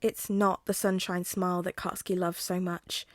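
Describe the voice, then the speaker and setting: A woman narrating a fan fiction audiobook in a steady, measured storytelling voice. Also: fairly low pitch, dry recording, studio quality. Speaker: podfic reader.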